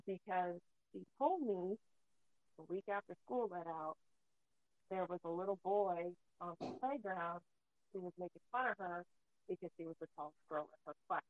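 A mother hosts a casual chat, freely telling stories and swearing a lot. Her voice is fairly low and moderately paced, with no room sound and a tinny, phone-like dry quality.

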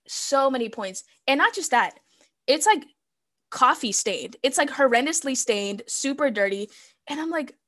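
A young woman, a podcast guest, telling a personal story in casual chat and acting out what she said back then. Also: fairly high pitch. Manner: animated storyteller acting out her own past dialogue.

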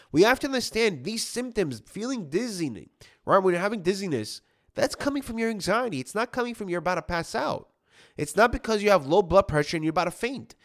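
A man's voice: high voice, fairly bright tone. A man in his thirties, an anxiety coach talking earnestly in a podcast monologue. He often acts out the thoughts of anxious people and says "like" a lot.

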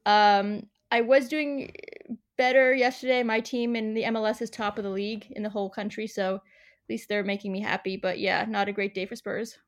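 A frank, easygoing woman from Boston talks football as a guest on a casual podcast. She often pauses with um as she works through her points. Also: medium pitch, steady tone.

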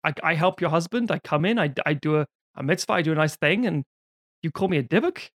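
A man's voice: a little high, animated, fast, a bit bright, no room sound, studio quality. A man voicing an offended old bearded visitor, talking in an indignant, sarcastic way.

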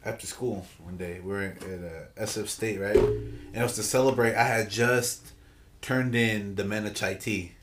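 A man's voice: on the low side, normal speed, heavy background noise. A man, co-hosting a podcast and telling a loose, profane story among friends. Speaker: podcast co-host. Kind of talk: casual chat, storytelling. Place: room with friends.

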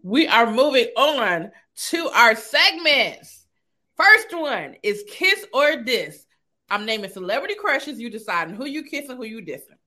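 A woman hosting a casual talk show, playful and quick to laugh. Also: fairly high pitch, big pitch swings, sharp tone. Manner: playful, laughs often, sing-song plugs. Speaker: podcast host. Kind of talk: casual interview chat.

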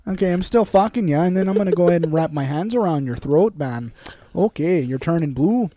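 A man's voice: fairly high pitch, animated, fairly quick, mellow, no room sound, close to an everyday voice. A man playing a nonchalant psychopathic killer from the Midwest, talking casually and matter-of-factly as a comedy podcast impression. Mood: deadpan. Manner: casual, matter-of-fact narration of grisly acts. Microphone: studio podcast microphone.

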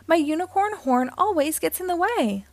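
A woman reading as a high, earnest little girl seahorse. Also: moderate pace, no echo. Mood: dismayed. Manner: sing-song storybook rhyme, gently expressive. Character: young girl seahorse with a unicorn horn, eager and earnest.

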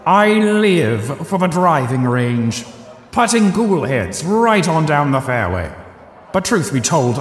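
A boastful, snooty rich young aristocrat, voiced by a man in an audio drama. He drawls slowly with a lively, swooping pitch. The voice rings out in a long, roomy reverb with music behind. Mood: reminiscing.

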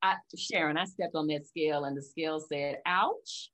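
A woman's voice: deep voice, steady tone, fairly quick, a bit bright. A woman hosting a podcast interview, giving advice in a coaching tone with rhetorical questions. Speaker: podcast host. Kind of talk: casual interview chat.

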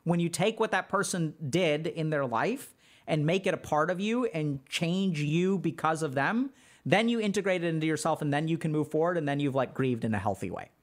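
Casual male stream host, slightly high voice, chatty explainer who tells lively stories. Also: moderate pace. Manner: casual, explanatory, many filler "like"s. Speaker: podcast host answering chat. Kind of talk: casual livestream talk.

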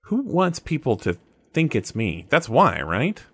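A man's voice: mid-range voice, wildly swooping pitch, unhurried, fairly bright tone, breathy edge, no echo, studio quality, voice pushed up, heavily acted. A man voicing a young masked male hero in a comedic tabletop role-play, earnest and a little whiny. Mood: wary.

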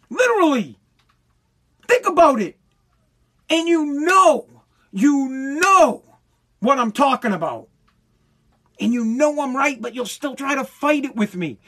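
A man's voice: very high-pitched, bright, forceful tone. A man delivers a fired-up podcast rant from his basement. He swears freely, circles back on his own words, and trips over restarts as he pushes his point. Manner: heated, repetitive, profane, stumbling restarts. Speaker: podcast host. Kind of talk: ranting podcast monologue. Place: home basement.

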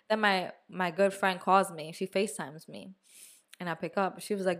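Animated young woman telling a story. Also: mid-range voice, moderate pace. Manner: animated storytelling, swears and slips into Spanish words. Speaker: podcast co-host. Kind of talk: casual chat.

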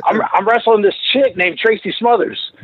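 A man's voice: high voice, moderate pace, slight background noise. A man, a wrestler guest on a podcast, telling a rambling, profane story and acting out the voices of the people in it. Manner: profane, animated, acts out quoted voices. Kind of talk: casual storytelling anecdote. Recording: dull lo-fi podcast audio.

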